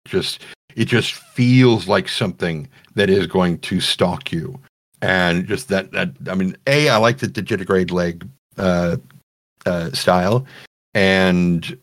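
A man who narrates audiobooks, talking animatedly as a guest in a casual podcast interview. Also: deep voice. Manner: animated, chatty, self-correcting restarts.

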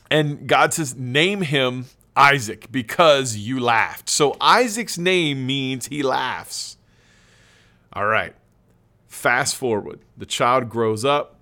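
Male pastor, conversational preacher, retells scripture casually and lively, mid-range voice. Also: medium pitch. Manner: conversational, animated, calls listeners "gang". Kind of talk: informal sermon retelling a Bible story.

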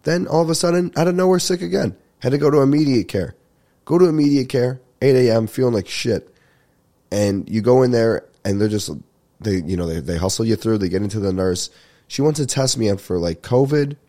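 A man's voice: medium pitch, brisk, dark tone. A young man hosting a comedy podcast, rambling through stories with lots of swearing and laughter, sounding congested as he gets over a sinus infection. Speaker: podcast host. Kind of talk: casual comedic storytelling.

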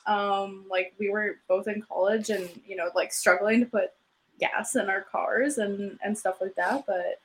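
A woman's voice: mid-range voice, fairly even intonation, a little slow, slight background noise, low-quality recording. A young woman co-hosting a podcast, telling stories in a chatty way and laughing often. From Canada. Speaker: podcast co-host. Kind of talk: casual chat.

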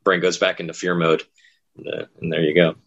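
A man's voice: sits low, little pitch movement, brisk, vocal fry, fairly bright tone, slightly rough, muffled recording. A man who works as a haunted attraction actor, telling stories in casual chat and acting out what people said. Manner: rambling storyteller, acts out quoted lines.

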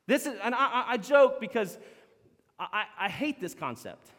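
A man preaching a sermon as pastor, animated, acting out the lines he quotes. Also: high voice, normal speed. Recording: long hall reverb.

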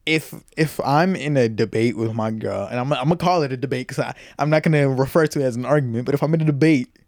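A young man hosting a casual podcast, loud by his own account, laughing and restarting often. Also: medium pitch, fast talker, dry recording, clean studio sound. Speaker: podcast host. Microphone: podcast mic.

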